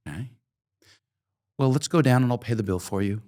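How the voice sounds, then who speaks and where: A man's voice: medium pitch, a little fast, mellow. A middle-aged man from Oregon, an interview guest telling vivid anecdotes and acting out the dialogue, with casual swearing. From Oregon, USA. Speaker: interview guest, coffee entrepreneur. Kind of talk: conversational storytelling.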